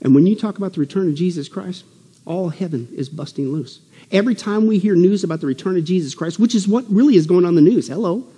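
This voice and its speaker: High-voiced preacher in a reverberant hall. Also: male voice, expressive, fast talker, slightly rough. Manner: exuberant, swings between loud exclamations and low asides. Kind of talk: conference sermon. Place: church hall.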